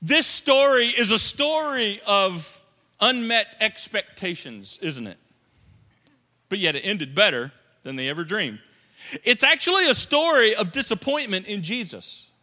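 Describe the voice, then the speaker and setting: Preacher, male, high and bright, chatty and playful, slips into character voices; church-hall echo. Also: very animated, unhurried. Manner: conversational and playful, acts out quotes in voices. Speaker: pastor. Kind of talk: sermon. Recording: long hall reverb.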